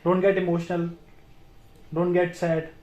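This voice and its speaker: A man's voice: high voice, monotone, normal speed, darkish tone, dull audio. Eager Indian-accented man vlogging. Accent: Indian English. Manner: eager, repetitive, encouraging. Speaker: vlog host. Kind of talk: casual vlog talk.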